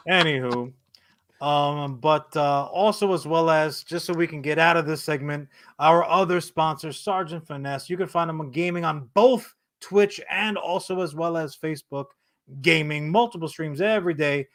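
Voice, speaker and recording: A man co-hosts a comic book podcast in a loose, playful way, swearing now and then. His voice is bright and sits fairly high. He reads sponsor plugs in the same casual tone. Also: moderate pace. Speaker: podcast co-host.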